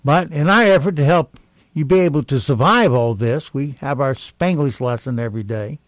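A man hosting a radio talk show, reading jokes deadpan and stalling with ums between segments. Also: on the high side, moderate pace, dry recording, rough recording.

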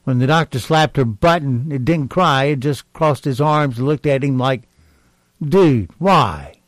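A man hosting a radio talk show, reading jokes deadpan and stalling with ums between segments. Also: mid-range voice, moderate pace, no room sound, poor audio.

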